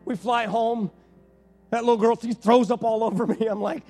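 A male pastor with a notably high voice preaches through a personal story. He talks casually and animatedly and slips into the voices of the people in the story. Soft music sits faintly underneath. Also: moderate pace. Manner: conversational, animated retelling with quoted dialogue. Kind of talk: sermon storytelling.

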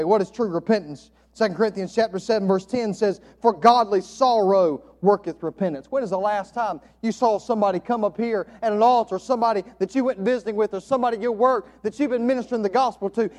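A man preaching a sermon from the pulpit, quoting old scripture and swinging from loud emphatic lines to soft, hushed ones. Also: high voice, fast talker, few pauses. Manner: quotes King James scripture. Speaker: pastor.

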